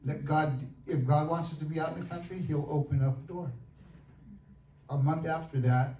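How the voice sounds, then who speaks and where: A man recounts a personal story in a relaxed, plain-spoken manner, his voice warm and mellow. He stands some way from the mic in a roomy, echoey hall, with faint noise underneath. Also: a little high, moderate pace, recorded from a distance. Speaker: guest sharing a testimony. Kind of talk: casual storytelling testimony. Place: church hall.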